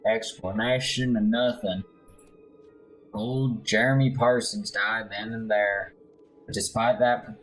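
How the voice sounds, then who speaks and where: Heartbroken young male deserter, slow and mournful, a lower-voiced man voicing him — game dialogue read. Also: fairly bright tone, a little hiss or hum, low-quality recording. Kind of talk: let's play voice acting.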